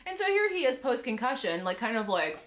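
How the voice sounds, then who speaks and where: A woman recapping a TV drama episode in a casual, chatty way, animated and full of "like" and laughter. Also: on the high side, brisk. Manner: animated storyteller, heavy use of "like", laughs often.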